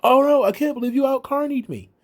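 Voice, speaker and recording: A man doing a mocking impression of a wrestler, squeaking out flat, sing-song dismay. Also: fast talker. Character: whiny mock-dismayed male wrestler impression.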